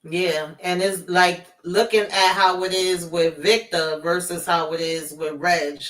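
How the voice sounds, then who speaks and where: A woman co-hosting a casual TV recap, emphatic and quick to laugh, with frequent mm-hmms. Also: on the low side, fairly even intonation, a bit bright, echoey room, far from the mic, low-quality recording. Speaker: co-host.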